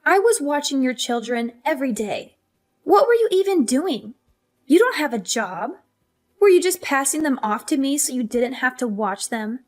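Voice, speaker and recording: A woman's voice: high voice, big pitch swings, moderate pace. A woman voicing a self-righteous older sister, a married mother, who nags and lectures in a scripted story drama. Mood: lecturing. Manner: nagging, lecturing.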